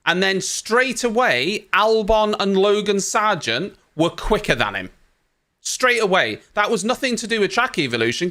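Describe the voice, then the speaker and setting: A man's voice: high voice, bright, forceful tone. A young man hosting a race watchalong, giving live reaction commentary in an exasperated, ranting way and swearing casually.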